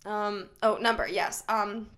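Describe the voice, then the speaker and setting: A woman from New Jersey with a Jersey accent, co-hosting a podcast in casual, rambling chat while high and tipsy. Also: steady tone, a little slow, fairly bright tone. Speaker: podcast co-host.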